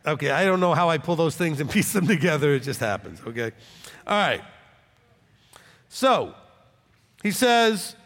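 Brief: male preacher, high and very expressive voice, blunt and confrontational, long reverb. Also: normal speed, pauses often. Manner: blunt, combative, conversational. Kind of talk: informal Bible teaching.

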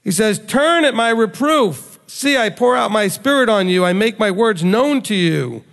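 High gravelly man teaching scripture. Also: normal speed. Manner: conversational, animated, acts out quotes. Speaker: bible teacher. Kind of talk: sermon-style bible teaching. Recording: long hall reverb.

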